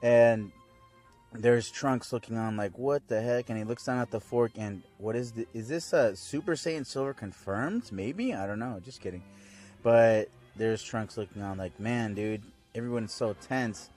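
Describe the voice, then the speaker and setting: A man's voice: fairly low pitch, normal speed, darkish tone, faint music behind. A young man casually recapping a cartoon episode, rambling and laid-back, full of fillers. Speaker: fan video reviewer.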